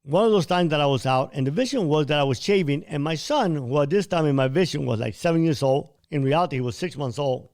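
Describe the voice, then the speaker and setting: A podcast host tells a first-person story bluntly and vividly, quoting dialogue and occasionally swearing. His voice is on the high side with a darkish tone. He talks quickly, barely pausing.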